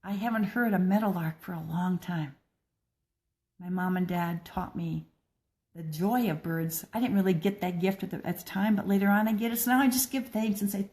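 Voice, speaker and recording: Mellow-voiced older woman reflecting gently. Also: fairly low pitch, moderate pace. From American Midwest. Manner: gentle, earnest, with frequent restarts. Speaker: blogger and speaker. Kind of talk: personal reflective talk.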